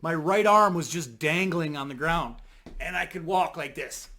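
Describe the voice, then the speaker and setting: A man casually telling a rambling personal story to camera, animated, with restarts and blunt swearing. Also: a little high, moderate pace.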